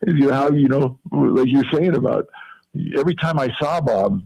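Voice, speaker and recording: A man, a former football player and radio co-host, reminiscing with halting speech, full of repeats and fillers. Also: medium pitch, lively intonation, a little mellow, slight background noise, poor audio.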